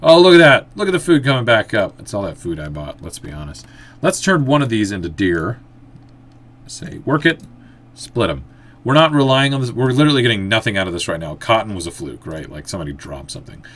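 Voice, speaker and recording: A man giving casual let's-play commentary, thinking aloud as he plays and breaking into excited outbursts. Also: mid-range voice. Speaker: gameplay commentator.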